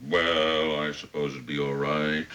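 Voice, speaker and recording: A smug, officious police lieutenant. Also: male voice, a bass voice, level tone, a little slow, pushed and bright, exaggerated voice. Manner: stern, sarcastic, officious. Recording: faint hiss of old TV soundtrack.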